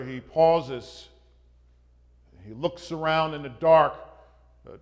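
A man preaching a sermon, opening with a joke, in a slow and halting delivery with frequent pauses and fillers. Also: fairly high pitch. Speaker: pastor.

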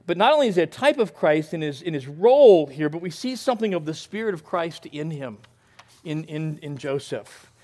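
High-voiced man preaching a sermon. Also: animated, normal speed. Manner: earnest preaching with swings from soft to emphatic. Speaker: pastor.

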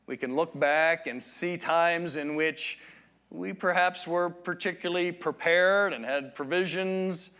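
A man preaching a sermon, teaching in a measured, reflective way with frequent restarts. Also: fairly high pitch, bright, forceful tone. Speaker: pastor.

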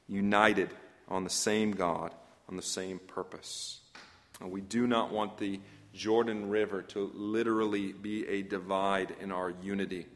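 A man's voice: lowish voice, big-room sound. A man preaching an expository sermon, earnest and emphatic, often asking questions of his listeners.

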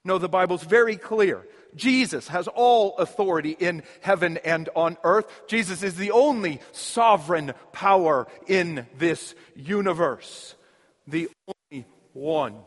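A man's voice: high voice, unhurried, long reverb tail. A man preaching a sermon as pastor, earnest and explanatory, with emphatic repetition. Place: church.

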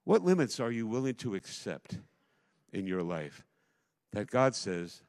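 A middle-aged man preaching a sermon as pastor, emphatic, swinging between loud declarations and hushed asides. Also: fairly low pitch, very animated, unhurried. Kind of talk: impassioned sermon. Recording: long hall reverb.

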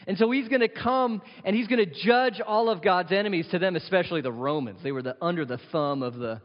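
Earnest male pastor in a reverberant hall. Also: sits high. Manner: earnest, conversational preaching with rising emphasis. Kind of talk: sermon. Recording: dull sound with long hall reverb.

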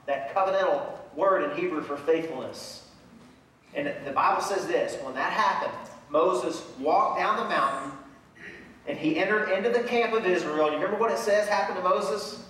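A man preaching a sermon as pastor, animated, acting out the voices of Bible figures as he tells the stories. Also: fairly high pitch. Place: large church sanctuary. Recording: echoey church hall from far off.

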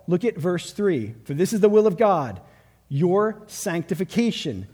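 A man with a high voice preaches to his congregation in an urgent, emphatic way. His words ring out with a long reverb, as in a large church hall. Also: sing-song, a little slow, darkish tone, slightly rough. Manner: urgent, emphatic preaching with acted pep talks. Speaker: pastor. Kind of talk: sermon.

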